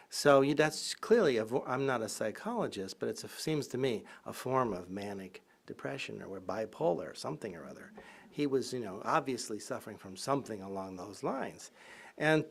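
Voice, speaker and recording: A professor giving a public lecture, telling anecdotes and acting out the voices in them. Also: male voice, medium pitch, gravelly. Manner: lively anecdotal storytelling, acting out quotes. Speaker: professor and biographer.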